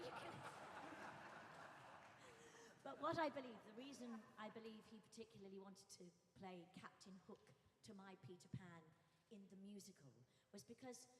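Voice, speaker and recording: An older woman giving an anecdotal tribute speech at a memorial service, telling stories in a lively way and acting out moments. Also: medium pitch, a little hiss or hum. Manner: animated storyteller who acts out moments. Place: large church. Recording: echoey church hall with faint music.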